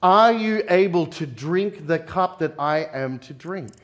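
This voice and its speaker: Aussie pastor guy preaching, high-ish voice, chatty, keeps asking the room questions. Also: animated. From Australia. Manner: conversational, asks the congregation questions; jokey asides with quick laughs. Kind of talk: sermon.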